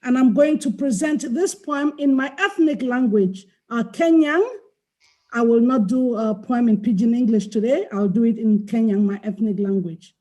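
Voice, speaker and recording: A middle-aged woman from Cameroon, speaking on a video call and reading her poetry in a slow, deliberate way. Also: on the high side, dark tone. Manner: slow, deliberate recital with chanted dirge passages. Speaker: invited poet.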